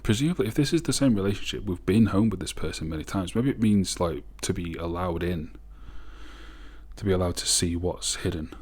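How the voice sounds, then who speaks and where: Deep-voiced man breaking down lyrics. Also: a little fast, darkish tone. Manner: reflective, reads lyrics aloud and picks them apart. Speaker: music reviewer host. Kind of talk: casual song commentary.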